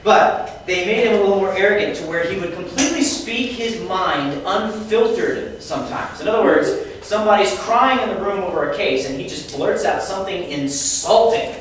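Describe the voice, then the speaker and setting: A man teaching a Bible lesson to students, lively and quizzing the class with questions. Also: high voice, normal speed, few pauses. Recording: echoey room, mic far off, faint noise.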